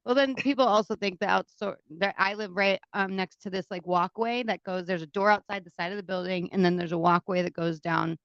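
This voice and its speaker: A woman co-hosting a podcast, telling animated, exasperated stories in casual chat and swearing freely. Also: medium pitch, fairly quick, hardly any pauses, no room sound, dull audio. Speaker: podcast co-host.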